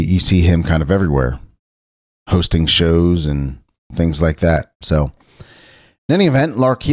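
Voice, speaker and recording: A man's voice: sits low, a little mellow, dry recording, clean studio sound. A man from Cincinnati, Ohio, hosting a casual solo talk show, rambling loosely with frequent restarts. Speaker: podcast host.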